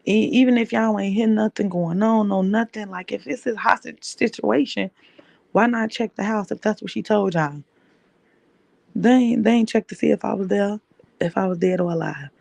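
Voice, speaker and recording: A woman's voice: medium pitch, normal speed, gravelly, darkish tone, no echo. A woman podcast host telling a personal story in an emphatic way, repeating key phrases.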